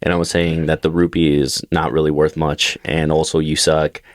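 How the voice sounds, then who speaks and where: A man's voice: rumbling low, little pitch movement, normal speed. A young man co-hosting a casual comedy podcast, talking loosely, cursing freely and laughing often. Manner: loose, profane, laughs often, slips into silly voices. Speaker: podcast co-host.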